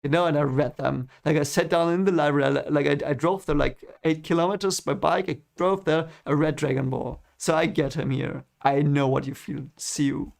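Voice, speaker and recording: A man talks loosely on a live stream while reading comics, his voice sitting a little high with a gravelly rasp to it. He wanders from thought to thought, full of fillers and doubled-up words, and sounds keen on everything he brings up. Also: fairly even intonation, moderate pace, hardly any pauses. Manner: rambling and enthusiastic, with many fillers and repeated words. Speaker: streamer reading webcomics aloud. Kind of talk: casual stream chat.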